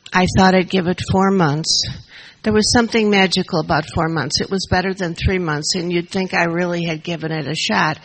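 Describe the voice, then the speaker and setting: Over poor audio, an older woman with a slightly rough, lowish voice tells her story to a recovery meeting through a shared handheld mic. She comes across emotional and somewhat nervous as she gives her testimony.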